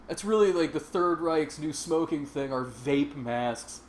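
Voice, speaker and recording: This stream host's voice is on the high side, animated and a bit bright, and he talks at a slow pace with hardly any pauses. He jokes, chats, and laughs often while playing and commenting, over faint game sound.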